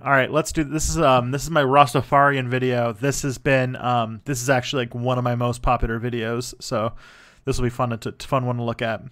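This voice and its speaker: A man's voice: medium pitch, fairly bright tone. Rambling man chatting on a livestream. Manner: rambling, with many fillers and restarts. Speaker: channel host. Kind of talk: casual livestream commentary.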